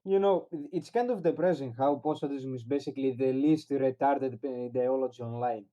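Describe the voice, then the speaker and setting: Mellow, dark-toned man for a wry casual podcast co-host. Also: medium pitch, brisk, dull audio. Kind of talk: casual group chat.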